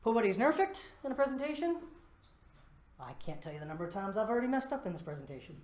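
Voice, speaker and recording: A man giving a live conference talk, lively and self-deprecating, walking around the stage as he speaks. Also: sits high, fast talker. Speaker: conference presenter. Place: presentation room before a live audience. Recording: echoey presentation room.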